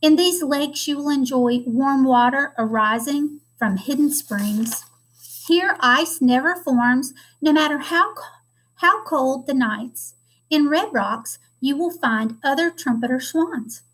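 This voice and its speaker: A woman's voice: high-pitched, slow pace, a bit bright, rough recording. A wordy, lecturing father swan, as a woman reads him. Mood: pompous. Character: stately, long-winded father swan. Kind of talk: reading a storybook aloud.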